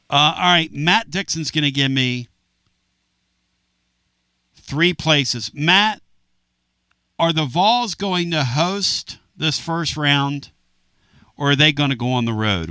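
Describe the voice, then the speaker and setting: A man hosting a sports talk radio show, animated and rambling with quick asides and jokes. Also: fairly high pitch, clear, resonant tone, no room sound. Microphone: studio microphone.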